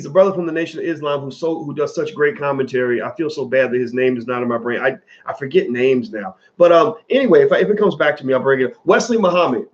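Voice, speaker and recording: A man from the American South talks to his viewers in a loose, animated commentary. His voice sits a little high for a man, and he curses casually and repeats words to drive his point home. The audio sounds dull and lo-fi. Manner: animated, profane, repeats phrases for emphasis.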